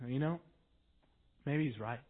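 A preacher voicing a grieving king who speaks in a hushed, resigned way. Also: mid-range voice, measured pace, pitched below the performer's own voice, natural voice. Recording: tinny phone-like sound.

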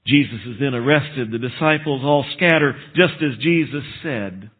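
Male preacher, animated storytelling sermon, narrow tinny recording. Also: medium pitch, normal speed, husky. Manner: animated storytelling with asides and chuckles. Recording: tinny phone-like sound.

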